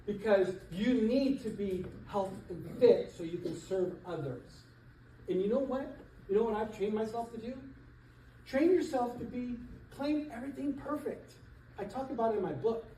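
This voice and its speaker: A middle-aged man, a real estate coach, giving an animated motivational seminar talk to an audience in a church hall. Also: sits high, moderate pace, a little hiss or hum. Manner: emphatic, animated, laughs between points. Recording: echoey hall, voice from far off.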